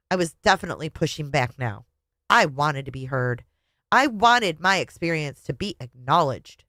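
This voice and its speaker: A woman's voice: sits low, normal speed, no room sound. A woman reading a memoir aloud with feeling and adding her own commentary as a reviewer. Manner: expressive, emotional reading. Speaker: book reviewer.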